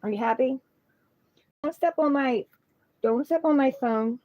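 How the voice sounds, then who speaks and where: A woman's voice: high-pitched, unhurried, dry recording, highs cut off. Middle-aged woman host, easygoing phone-livestream chatter, fond baby-talk with a pet, dry close sound. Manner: relaxed, chatty, coos affectionately to her pet. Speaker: tarot reader livestream host. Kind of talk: casual livestream chat.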